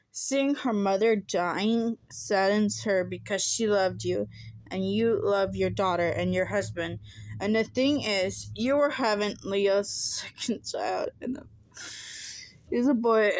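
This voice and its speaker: Casting: a woman reading her own fan fiction, slow and halting, with dry close sound from a phone. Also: medium pitch, dry recording. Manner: halting reading, self-corrections and giggling asides. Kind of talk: casual story reading.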